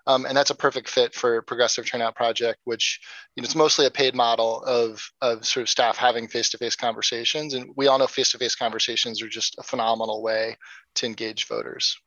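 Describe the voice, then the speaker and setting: A man's voice: mid-range voice, level tone, fairly quick, sharp tone, dry recording, muffled recording. A man speaking as an interview guest, earnest and upbeat, with frequent ums and sort-ofs. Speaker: guest, nonprofit founder. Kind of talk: casual interview.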